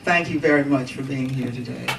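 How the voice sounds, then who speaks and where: A woman hosting a community meeting as a congresswoman, giving formal opening remarks into a handheld microphone, halting and pausing with fillers. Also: a bass voice, vocal fry. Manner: formal, halting delivery with frequent pauses and fillers. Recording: distant mic, noisy meeting room.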